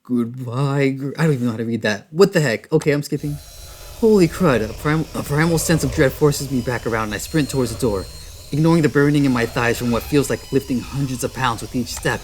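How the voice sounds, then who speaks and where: A man's voice: medium pitch, a little fast, slight background noise. A man playing a horror game, reading its text aloud dramatically and breaking off with startled exclamations, recorded in a garage. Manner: excitable, frequent startled exclamations; reads narration dramatically. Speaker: gaming video host. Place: garage at night. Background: loud game music.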